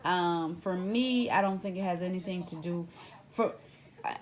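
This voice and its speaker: Woman, Louisiana accent, lowish voice, chatty commentator who spikes up in pitch when stirred. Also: unhurried. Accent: Louisiana Southern US. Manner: animated, rises sharply when excited, many fillers. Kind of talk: casual commentary.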